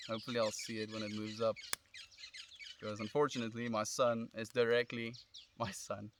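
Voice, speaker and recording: A man's voice: lowish voice, brisk, slight background noise. A young South African man with a South African accent, chatting casually on a live stream outdoors from his phone and answering comments in a friendly, reflective way. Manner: relaxed, friendly, reflective, calls viewers friend. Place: outdoors under a tree in the sun.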